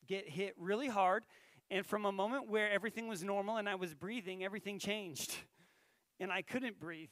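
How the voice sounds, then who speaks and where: A man's voice: high-pitched, a bit bright, dry recording. A man giving a conversational sermon, telling a story and putting questions to his listeners. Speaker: pastor.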